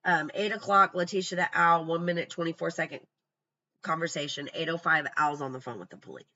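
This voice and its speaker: Casual true crime commentator with a sharp, bright tone. Blunt and scornful, walks through notes. Lo-fi, muffled recording. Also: medium pitch, brisk. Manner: blunt, profane, scornful asides.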